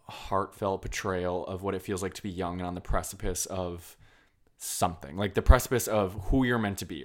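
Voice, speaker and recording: A man from Vermont talking casually about a film, animated, with lots of filler words. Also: lowish voice. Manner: animated, many fillers, acts out quoted lines.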